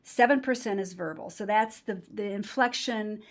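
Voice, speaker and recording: A woman's voice: medium pitch, moderate pace. Emphatic woman explaining as a trainer. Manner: emphatic, explanatory, with quoted voices. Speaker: patient-experience trainer. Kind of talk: interview conversation.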